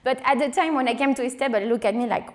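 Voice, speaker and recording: A woman's voice: high voice, rapid-fire. Small-voiced Frenchwoman telling her story. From France. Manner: animated, acts out quoted dialogue, many fillers. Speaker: wine director giving a conference talk. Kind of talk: storytelling conference talk.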